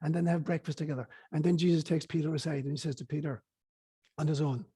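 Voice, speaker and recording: A man's voice: a little high, level tone, fast, warm tone, breathy edge. A man speaking as an interview guest, telling a story earnestly with hesitant fillers.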